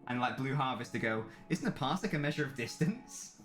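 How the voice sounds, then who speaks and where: A man's voice: medium pitch, sing-song, fairly quick, a bit bright, soft background music. A man, a streamer angrily commentating a live match and swearing a lot. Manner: angry ranting, heavy swearing. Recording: echoey room.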